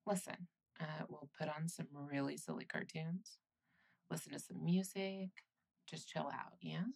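A woman voicing a caring, teasing young girlfriend in a whispered role-play, soothing and reassuring with soft laughs. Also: sits low, fairly even intonation, a little slow, creaky, slightly rough, exaggerated voice.

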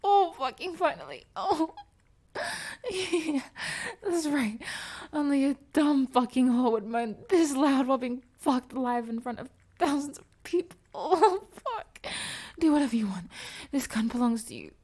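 A woman playing a breathy, flustered young streamer. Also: high-pitched, big pitch swings, darkish tone, full character voice. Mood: breathless.

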